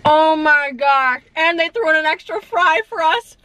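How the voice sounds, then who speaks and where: A woman's voice: high voice, animated, a little slow, bright, forceful tone, dry recording. A young woman chatting casually with a friend, playful and jokey. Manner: playful, jokey, bursts into song. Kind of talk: casual chat. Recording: music playing in the background.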